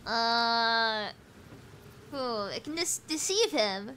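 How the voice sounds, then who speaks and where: British woman gamer, chatty and excitable, high bright voice with lots of pitch swing. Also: brisk, slight background noise. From Britain. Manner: chatty, excitable, thinking aloud. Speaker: streamer. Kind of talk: casual gameplay commentary.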